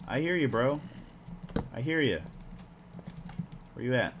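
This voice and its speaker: A man giving casual gameplay commentary as host, excitable, swearing casually and talking to himself. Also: medium pitch, a little slow. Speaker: let's play host. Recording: clear background noise.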